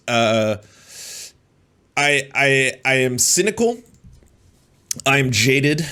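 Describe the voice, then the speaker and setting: A man's voice: fairly low pitch, a bit bright. A man with a Canadian accent hosting a live commentary stream, sarcastic and profane, with many filler sounds. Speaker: host.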